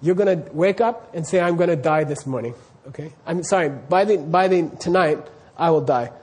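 Man, high-pitched voice, Buddhist teacher, quizzing questions, keeps checking understanding. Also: normal speed, a little mellow. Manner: quizzes the class, keeps checking "you see what I mean?". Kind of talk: dharma class teaching.

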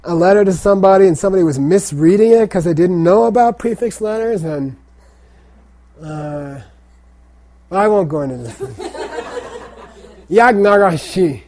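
A man's voice: high voice, big pitch swings, unhurried, pauses often, mellow. A man teaching a language class, drilling pronunciation by saying words and having students repeat them.

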